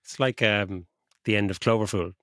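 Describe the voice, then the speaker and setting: A man's voice: fairly low pitch, fairly even intonation, moderate pace, a bit bright, no room sound, clean studio sound. A middle-aged man co-hosting a podcast, laid-back and swearing freely while retelling film scenes. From Ireland. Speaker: podcast co-host. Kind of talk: casual film review chat.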